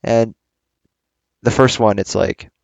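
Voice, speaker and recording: A man's voice: fairly low pitch, fairly even intonation, slow, gravelly, no room sound, dull audio. A young man hosting a casual book club talk, rambling and hesitant with many fillers and restarts.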